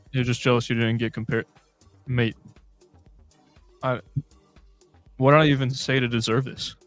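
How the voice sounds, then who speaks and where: A man's voice: mid-range voice, little pitch movement, unhurried, long pauses, fairly bright tone, dry recording, faint music behind. A man hosting a casual fan livestream, reading chat comments aloud in a chatty, scattered way.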